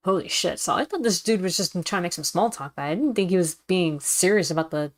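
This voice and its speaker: A woman's voice: lowish voice, fairly quick. Candid, swearing young woman streamer. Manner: candid, self-deprecating, swears freely. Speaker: let's-read streamer. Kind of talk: casual commentary while reading.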